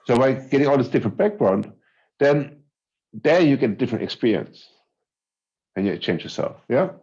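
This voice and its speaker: A man speaking as a gives a talk over a video call in a relaxed, conversational way. He hesitates and restarts often. His pitch sits in a middle range, and the audio sounds dull and lo-fi. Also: normal speed. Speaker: conference speaker. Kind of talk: online conference talk.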